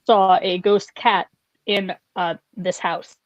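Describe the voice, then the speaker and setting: A woman telling stories as a guest in a casual podcast chat, animated and full of "like". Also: mid-range voice, slow, no room sound.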